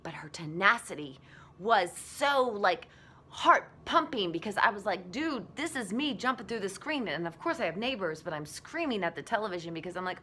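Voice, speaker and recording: A woman in her forties, a blogger giving a candid, animated motivational talk. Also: mid-range voice, normal speed, a little hiss or hum.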